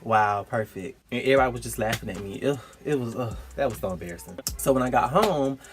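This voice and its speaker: A young man casually telling a personal story, animated and slangy, breaking into high-pitched quoted outbursts. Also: fast talker, music in the background. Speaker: storytime vlogger.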